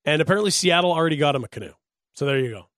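Give me a joking, animated male sports radio host, slightly high, on a dry studio mic. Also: very fast, no echo. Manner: joking, animated, laughs often. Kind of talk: sports talk radio chat. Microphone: studio microphone.

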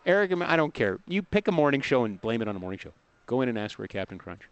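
A middle-aged man hosts a sports radio show and banters fast with his co-host. His voice sits at a mid pitch, and he speaks quickly with a lively, swinging intonation. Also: smooth, lo-fi sound. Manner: jokey, teasing, animated.

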